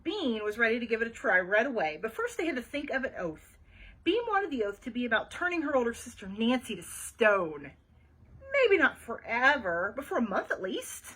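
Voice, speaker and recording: A woman librarian reads a children's chapter book aloud with a very lively, bouncing delivery. Her voice is bright and a little breathy, pitched somewhat high. She breaks off now and then for chatty asides to young listeners. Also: moderate pace, rough recording.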